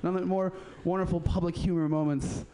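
On his radio show, a man tells street stories in a casual, profane chat, acting out the people he quotes. His voice is high and warm, with a steady tone and normal speed.

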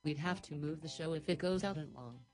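A calm, practical man in a storybook tale, read by a woman. He speaks matter-of-factly in a low voice. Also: fairly quick, natural voice.

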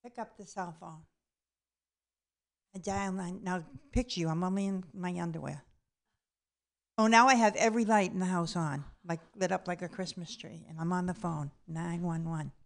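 A woman's voice: fairly low pitch, fairly even intonation, normal speed, vocal fry. Blunt, profane woman telling a comic story. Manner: blunt and profane, acts out the voices in her story. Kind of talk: comedic personal story told aloud.

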